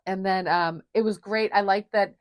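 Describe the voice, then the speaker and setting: A woman in mid pitch talks eagerly in a relaxed film chat and slips into the characters as she retells scenes. Her voice is close and dry, with no room sound around it. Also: moderate pace, no echo. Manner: chatty, enthusiastic, acts out film scenes. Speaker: podcast co-host. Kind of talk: casual film discussion.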